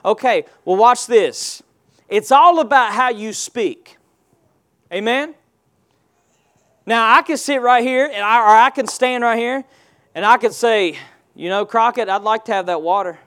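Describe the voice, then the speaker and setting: A man's voice: high-pitched, animated, moderate pace, a bit bright. A man preaching a sermon in a church, using call-and-response and rhetorical questions. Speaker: pastor.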